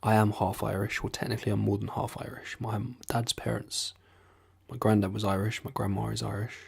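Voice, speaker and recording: A man's voice: fairly low pitch, flat delivery, fast talker, creaky, a little mellow, breathy edge. A man hosting his own video, talking casually in a sweary, self-deprecating way. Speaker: video host. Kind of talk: casual vlog talk.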